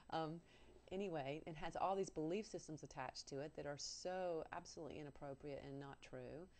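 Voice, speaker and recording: A woman's voice: low voice, darkish tone. A woman guest telling a personal story on a talk show, earnest and candid with self-mocking humor.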